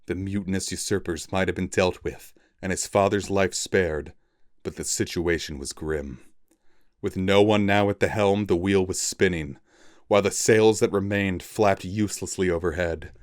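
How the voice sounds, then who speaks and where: A man reading a fantasy novel aloud in a dramatic storybook style with pauses for effect. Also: low voice, no room sound, studio quality. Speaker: reader.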